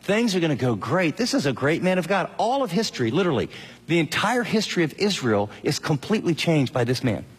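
A middle-aged male pastor preaching an animated sermon, acting out quotes in shifting voices. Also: fairly high pitch, a little fast, breathy edge, in a large hall. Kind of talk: radio sermon.

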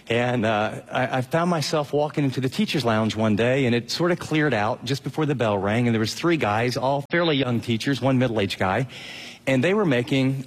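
A middle-aged man preaches a lively radio sermon and acts out quoted voices as he goes. His voice is husky and a little breathy. A long hall reverb trails his words. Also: medium pitch. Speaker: pastor.

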